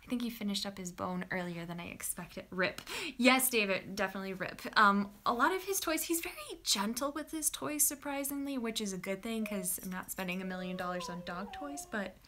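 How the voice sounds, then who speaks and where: A young woman hosting a writing-sprint livestream, chatting casually and excitedly with viewers and talking to her dog. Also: medium pitch, brisk, a little hiss or hum. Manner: bubbly and chatty, coos softly to her dog.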